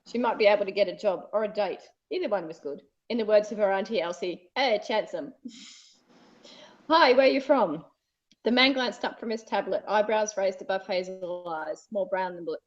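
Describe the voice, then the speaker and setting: A woman's voice: mid-range voice, a little mellow, highs cut off. A woman with an Australian accent, a guest author reading her own fiction and chatting, laughing often and self-deprecating. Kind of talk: reading own fiction aloud, then casual chat.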